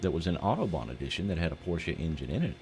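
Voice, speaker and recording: A man's voice: low voice, sing-song, fast talker, a little mellow, slight background noise. A man co-hosting a morning radio show, explaining things in an easygoing, casual way. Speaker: radio co-host. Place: radio studio.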